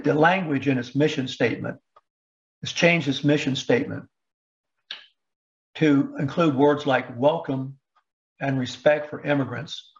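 A man giving political commentary, halting with fillers and restarts, pushing rhetorical questions up in pitch. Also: muffled recording. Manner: rhetorical questions with rising emphasis.

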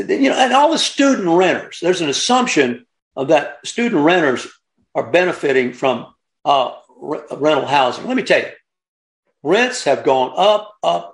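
A man giving impassioned commentary, emphatic and digressive, repeating points and lecturing along the way. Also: a little high. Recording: roomy echo.

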